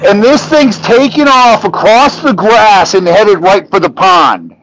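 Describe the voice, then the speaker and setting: A middle-aged man telling a story as a podcast guest, animated and profane, rising to shouts when he acts out arguments. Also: high voice, slow pace, a little hiss or hum, poor audio. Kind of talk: storytelling in casual chat.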